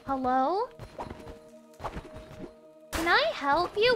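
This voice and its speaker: A young woman playing a game on stream, chatting casually with her audience, swearing a lot and breaking into loud outbursts. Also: high voice, very animated, takes it slowly, pauses often, over music. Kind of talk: casual gaming stream chat.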